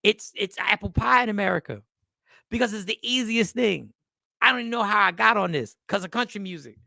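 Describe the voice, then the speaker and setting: A man hosting a radio talk show, animated and joking, with earnest turns. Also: sits high, brisk, creaky, no echo, studio quality.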